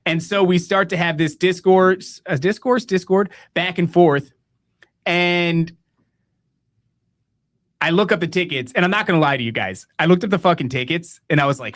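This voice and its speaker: American man, podcast host, crude mocking rant, slightly high voice. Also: expressive, normal speed. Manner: profane, mocking, laughs at his own story. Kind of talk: casual storytelling rant.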